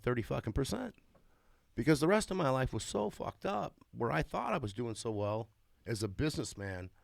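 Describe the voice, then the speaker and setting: A man in his forties giving a candid, emotional testimony about his marriage and family, swearing freely and swinging into excited bursts. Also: medium pitch, gravelly, no room sound. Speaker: father sharing his story.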